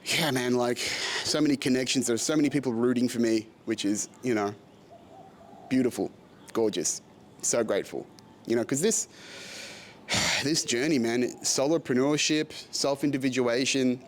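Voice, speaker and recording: A man's voice: medium pitch, moderate pace, slight background noise. A man, hosting his own podcast in a candid, confessional monologue that rambles and swears freely. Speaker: podcast host. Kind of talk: candid personal vlog monologue.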